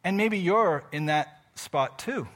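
Animated high-voiced male pastor. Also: slow pace. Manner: animated, conversational storytelling with playful asides. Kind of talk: sermon.

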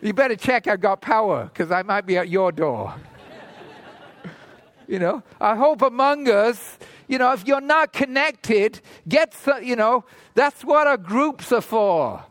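A man's voice: high-pitched, lively intonation, measured pace, a bit bright, some chatter behind. A man preaching a conversational sermon to his congregation, asking rhetorical questions and adding frequent "right?" asides. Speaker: pastor. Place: church hall in Toronto.

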